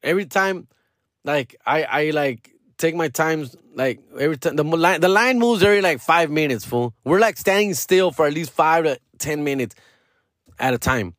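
A man's voice: fairly high pitch, normal speed, no echo, studio quality. Profane, slangy Chicano-accented man. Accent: Chicano English with Spanish mixed in. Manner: profane, slangy, animated storytelling. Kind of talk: casual storytime rant.

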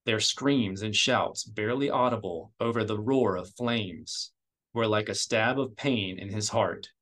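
A man reading an audiobook in steady, measured storytelling narration. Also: lowish voice. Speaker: audiobook reader.

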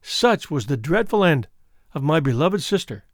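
A man reading the part of a frightened young woman who recounts her twin sister's death, in an earnest, measured storybook telling. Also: a little high, big pitch swings, dry recording, studio quality. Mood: fearful. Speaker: audiobook reader.

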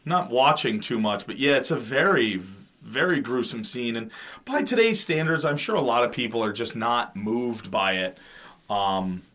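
A man's voice: medium pitch, expressive, normal speed, a bit bright. A man in his thirties co-hosting a podcast, chatting casually about a movie with swearing, fillers and restarts. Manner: profane, rambling, frequent fillers and restarts. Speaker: podcast co-host. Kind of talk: casual movie commentary chat.

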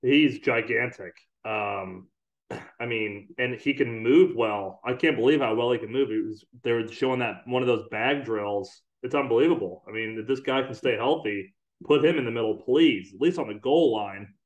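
A man hosting a casual sports podcast, easygoing and quick to laugh. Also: medium pitch, dull audio. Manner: easygoing, laughs often, wraps up the show. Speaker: podcast host.

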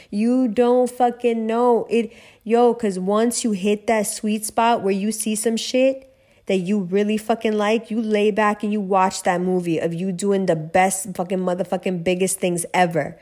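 A woman's voice: mid-range voice, dark tone. A woman giving a motivational rant as a spiritual reader and coach, blunt and profane, repeating herself for emphasis.

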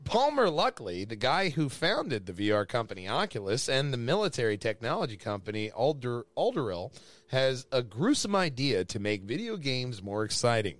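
A man hosting a podcast, reading out geek news in a casual, animated way and swearing freely. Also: mid-range voice, normal speed, dry recording. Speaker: podcast host.

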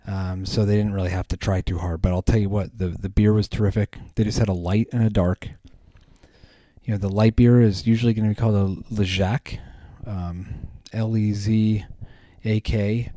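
A man's voice: lowish voice, flat delivery, moderate pace, mellow, dry recording. A man hosting a podcast, chatting casually in a rambling way with many ums and restarts. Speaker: podcast host. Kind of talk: casual chat.

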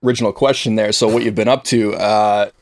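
A man's voice: on the low side, steady tone, brisk, dry recording. Easygoing man steering a podcast chat. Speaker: co-host.

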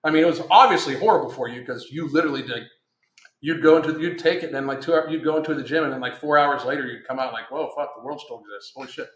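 His voice is fairly high, fast and fairly bright. This middle-aged podcast host reads live chat during a casual livestream, rambling bluntly and cursing, with a roomy echo in the recording.

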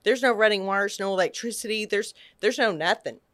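A middle-aged woman from Texas telling an animated personal story on a podcast, acting out quotes and restarting her sentences. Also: medium pitch, brisk. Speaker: podcast guest. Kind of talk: casual storytelling.

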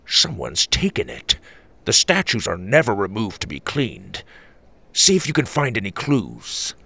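A wise old grandfather from a children's storybook, as a male narrator puts him on, weighing every word slowly. His voice is gravelly and rises and falls a lot. The sound is close and dry. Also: fairly low pitch, huge pitch swings, pushed and bright, no room sound, heavily acted. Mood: urgent. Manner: slow, deliberate, gravelly. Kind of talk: storybook character reading.

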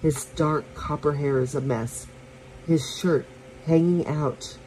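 A woman reading a romance story aloud for her podcast, soft and unhurried, with small slips and restarts. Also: low voice, a little hiss or hum, low-quality recording.

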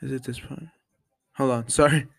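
A nineteen-year-old man hosting his own podcast, chatting casually in a gushing way with lots of fillers and sudden excited jumps in pitch. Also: normal speed, creaky, dry recording, faint music behind. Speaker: solo podcast host. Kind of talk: casual chat.

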